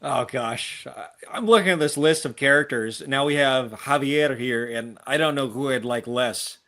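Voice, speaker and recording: A man of ordinary middle pitch talks politics as a co-host. He speaks carefully, pausing on fillers as he thinks. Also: sharp tone. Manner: measured, hesitant, with fillers. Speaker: podcast co-host. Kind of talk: political talk.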